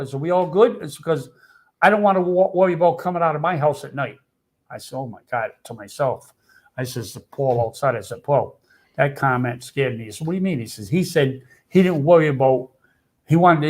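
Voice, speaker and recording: An older man telling a story in casual talk, blunt and tough, swearing freely. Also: on the high side. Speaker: storyteller guest.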